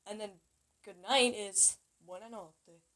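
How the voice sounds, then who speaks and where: A woman talks through a home-made lesson in a loose, playful way. She is chatty, stops to correct herself and keeps things light. Her voice sits at an ordinary middle pitch. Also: measured pace, very noisy. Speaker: language teacher.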